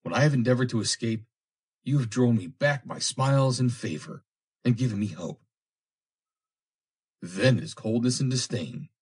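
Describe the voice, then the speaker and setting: A man's voice: medium pitch, normal speed, pauses often, a little mellow, husky, pitched above the performer's own voice, lightly acted. A man voicing a jealous, possessive suitor who pleads and turns bitter. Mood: pleading.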